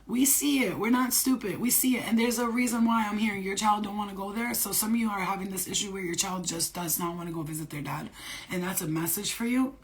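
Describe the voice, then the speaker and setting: A woman's voice: mid-range voice, fast talker. A woman psychic medium talking casually to her viewers, blunt and emphatic, swearing freely, using street slang and repeating phrases for stress. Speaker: psychic medium giving spirit readings. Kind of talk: casual unscripted channeling talk to viewers.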